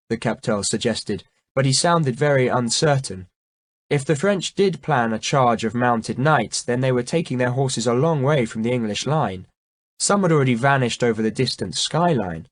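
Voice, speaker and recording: Measured male audiobook narrator. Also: medium pitch, animated, dry recording. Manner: measured, dramatic. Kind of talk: scripted narration.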